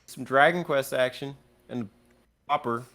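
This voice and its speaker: A man's voice: mid-range voice, unhurried, bright, forceful tone. A young man hosting a gaming podcast, trading playful puns and jokes in casual banter. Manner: jokey, playful wordplay. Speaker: podcast host.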